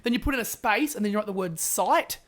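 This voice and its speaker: A male podcast co-host who talks eagerly and with animation. He rushes through one tip after another in a relaxed, chatty way. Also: sits high. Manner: eager, animated, quick to jump in with tips. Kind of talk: casual podcast chat.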